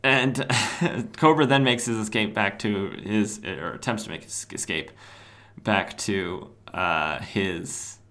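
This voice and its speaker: A man's voice: on the low side, slow pace, fairly bright tone. A man hosting a podcast, recapping a comic in a rambling, casual way with filler words. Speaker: podcast host.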